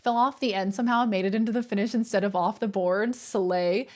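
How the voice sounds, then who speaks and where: A woman's voice: medium pitch, steady tone, a little fast, a little mellow. A woman with an Australian accent, streaming and chatting playfully with her audience. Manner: playful, chatty, addresses chat as gamers. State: a little out of breath. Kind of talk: casual live-stream chat.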